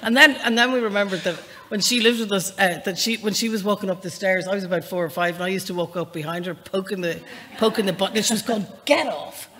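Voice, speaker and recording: An Irish woman with a faint northern lilt, speaking as an author at a live library event. She chats in a self-deprecating way, then reads aloud from her novel at an even, measured pace. Her voice trails off into a long hall reverb. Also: medium pitch. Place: public library event space, indoors.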